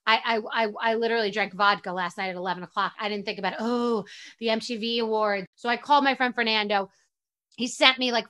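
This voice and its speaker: Bright, rambling, swearing woman podcaster. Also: mid-range voice. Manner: rambling, animated, self-deprecating, swears freely. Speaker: podcast host. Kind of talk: casual storytelling monologue.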